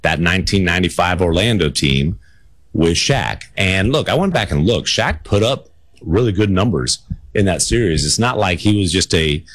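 A man's voice: sits low, expressive, normal speed, no room sound. A man in a casual sports podcast conversation who chimes in often and reads out player stats. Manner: backchannels a lot, reads out stats.

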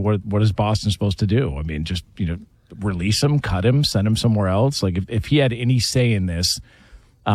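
A man's voice: mid-range voice, a little mellow, dry recording. A man in casual sports talk, rambling and hedging with lots of fillers.

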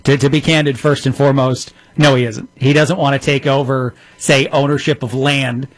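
A man's voice: medium pitch, little pitch movement, moderate pace, no echo, poor audio. A man hosting an opinionated political commentary show, talking in a sarcastic, mocking way as he plays clips and reacts.

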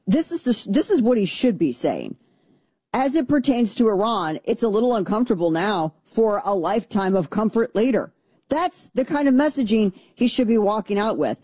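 A woman's voice: medium pitch, very animated, normal speed, warm tone, husky, no room sound. A middle-aged woman hosting political talk radio, blunt and sarcastic, speaking into a studio microphone. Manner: blunt, combative, sarcastic, mocking mimicry of opponents. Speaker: radio talk show host.

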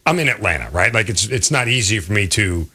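Male sports radio host, lively and bright, slightly husky. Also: lowish voice, a little fast. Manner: animated, conversational. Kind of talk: call-in radio chat. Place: radio studio.

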